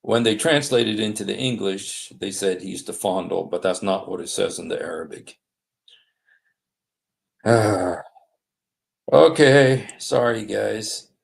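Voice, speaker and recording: A low, gravelly-voiced man hosts a relaxed livestream, reading texts aloud and commenting on them. He speaks slowly through a desktop streaming mic, halting often with fillers and apologies.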